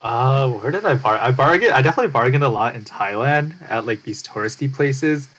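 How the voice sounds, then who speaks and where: A man on a casual podcast, telling a story in a relaxed way and laughing at himself. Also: medium pitch, fairly quick, muffled recording. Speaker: podcast co-host. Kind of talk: casual chat.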